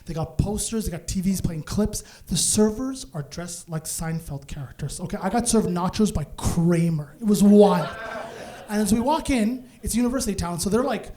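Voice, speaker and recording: A young man telling a stand-up story on stage, his voice sitting high for a man. He talks quickly and with plenty of animation, tossing in asides, with a handheld mic close to his mouth. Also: warm tone. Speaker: stand-up comedian. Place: comedy venue stage.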